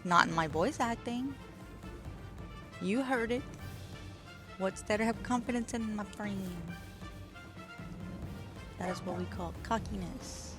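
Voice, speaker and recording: Woman streamer joking around while gaming, mid pitch, game music playing loud behind. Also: takes it slowly, long pauses. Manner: self-deprecating, joking, laughs often. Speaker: VTuber streamer. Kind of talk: casual chat while gaming.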